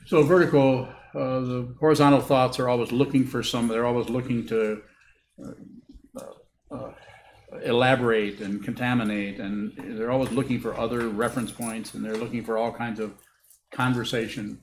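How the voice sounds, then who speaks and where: A man giving a dharma talk as a Buddhist teacher, answering questions in a halting, thoughtful way and repeating words as he rethinks. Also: medium pitch, flat delivery. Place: meditation hall with a group. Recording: echoey room with faint hiss.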